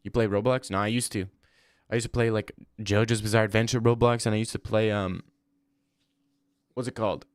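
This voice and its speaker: A man's voice: lowish voice, steady tone, a little fast, pauses often, no echo, clean studio sound. A young man hosting a livestream, chatting casually and reading viewer comments, rambling and slangy. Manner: rambling, slangy, says "bro" often. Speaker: livestream host.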